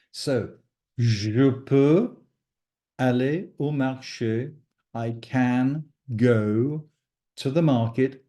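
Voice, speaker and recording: A man teaching French in an unhurried, mellow voice. He drills each verb form patiently and repeats it, speaking slowly enough for learners to follow. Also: medium pitch. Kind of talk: recorded language lesson.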